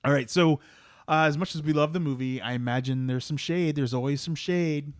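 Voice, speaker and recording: A man's voice: on the high side, fairly quick, dry recording, studio quality. A man co-hosting a movie podcast in laid-back casual chat, hesitating often. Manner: laid-back, many ums and uhs. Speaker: podcast co-host.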